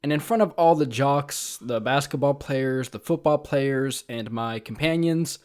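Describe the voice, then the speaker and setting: A man's voice: mid-range voice, measured pace, a little mellow. A young man and vlogger telling a comic story about his past in a casual, self-mocking way, with frequent ums and uhs. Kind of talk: comedic storytime narration.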